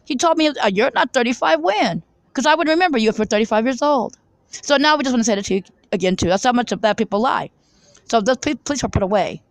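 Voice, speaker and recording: A woman's voice: on the high side, quick pace, dry recording, low-quality recording. A woman giving a rambling, fervent monologue to her viewers from a coffee shop, with many restarts and stammered repeats. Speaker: vlogger.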